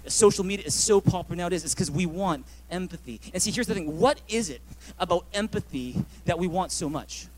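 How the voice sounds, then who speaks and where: A man with a high voice preaching a sermon as a pastor. He tells personal stories and acts out both sides of a conversation, then turns to the congregation for an amen. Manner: storytelling with acted-out dialogue and congregation prompts.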